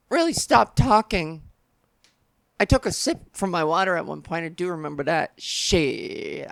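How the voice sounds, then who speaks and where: A woman's voice: medium pitch, vocal fry, dry recording. Crude, rambling woman podcast host. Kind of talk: comedic podcast monologue.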